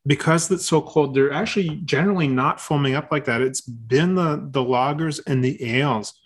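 Relaxed halting male podcast host. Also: on the high side, husky. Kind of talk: casual podcast chat.

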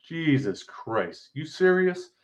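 A man's voice: on the high side, very animated, takes it slowly, distant mic, pitched above the performer's own voice. A man voicing a rude, bored male security guard who mocks and taunts, read aloud in an audio story. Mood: mocking. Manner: sneering and mocking.

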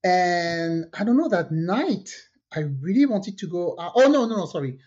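A French Caribbean woman whose first language is French co-hosts a podcast, telling a lively story in a husky, lowish voice at a moderate pace. It's casual storytelling chat in which she acts out quoted dialogue, captured in dull, lo-fi podcast audio.

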